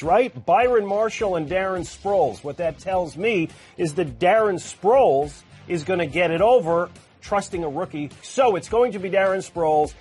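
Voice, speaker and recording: A man co-hosting a sports talk show, giving loose, joking football predictions with quick asides. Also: on the high side, a little mellow, breathy edge. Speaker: football analyst.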